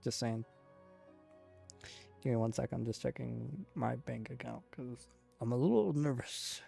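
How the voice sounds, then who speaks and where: A man's voice: medium pitch, unhurried, gravelly, warm tone, slightly rough, faint music behind. A young man streaming a game, reading its dialogue aloud and dropping wry, offhand asides.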